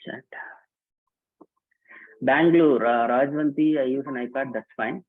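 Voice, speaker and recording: A man's voice: medium pitch, measured pace. Male workshop host on a video call, casual and repetitive, thin phone-line sound. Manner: casual, repetitive, calls out names and instructions. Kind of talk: live online workshop, greeting participants. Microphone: online video call. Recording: tinny phone-like call audio.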